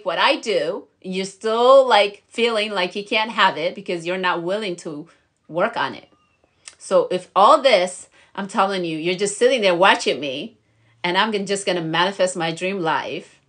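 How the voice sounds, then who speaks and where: A woman's voice: medium pitch, fairly bright tone. Bubbly young woman vlogging to camera. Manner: bubbly and encouraging, many fillers, laughs often. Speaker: lifestyle vlogger. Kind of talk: casual motivational talk to camera.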